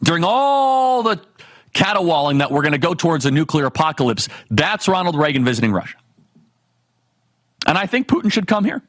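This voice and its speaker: A man hosting a political talk show, giving an emphatic, animated monologue full of rhetorical questions. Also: fairly high pitch, brisk, no room sound. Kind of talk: fiery political commentary monologue.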